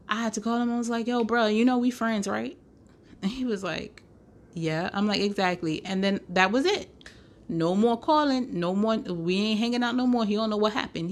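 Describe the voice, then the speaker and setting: Sassy woman telling a story, slangy. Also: mid-range voice. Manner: sassy, animated, laughs often, slangy. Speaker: podcast host. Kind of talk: casual storytelling.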